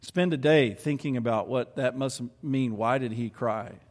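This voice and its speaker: A man's voice: mid-range voice, a little slow, a little mellow, in a large hall. A man preaching a sermon and reading scripture aloud, earnest and building to emphatic peaks.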